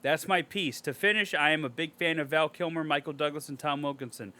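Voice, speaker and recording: A man with a fairly high, bright, forceful voice co-hosts a casual movie podcast. He reads a review out loud and keeps breaking off to tear into it, sarcastic and full of swearing. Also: a little fast. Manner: reads a review aloud and rants at it with sarcastic, profane outbursts. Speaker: podcast co-host.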